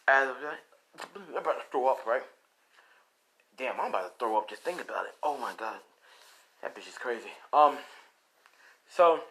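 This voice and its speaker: A man's voice: medium pitch, a little hiss or hum, poor audio. A man casually improvising a fan story, rambling with many fillers and asides. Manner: rambling, filler-heavy, animated.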